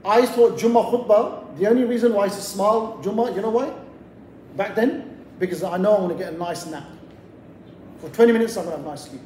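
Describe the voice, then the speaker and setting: A man's voice: sits high, brisk, warm tone, a little hiss or hum. A man from England giving a motivational lecture to young people in a community hall, telling a casual story with lots of asides. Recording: echoey hall, voice heard from a distant mic.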